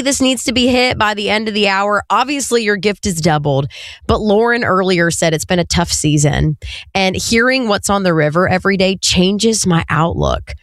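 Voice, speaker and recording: A woman radio host making an earnest, quick-talking fundraising appeal and slowing down to read out numbers. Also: mid-range voice, a bit bright, no room sound, clean studio sound.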